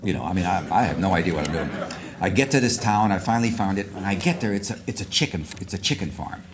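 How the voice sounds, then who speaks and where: Deep-voiced older man telling a rambling story. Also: quick pace, background noise. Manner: rambling storyteller with many restarts and asides. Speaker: award speaker. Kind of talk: anecdotal speech at a luncheon. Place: luncheon hall.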